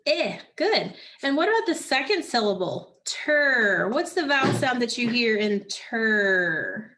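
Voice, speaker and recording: Woman teacher, slightly high voice, slow and patient, leading a phonics drill. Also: sing-song, fairly bright tone, a little hiss or hum. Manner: slow, patient prompting with pauses for answers. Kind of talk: phonics lesson to children.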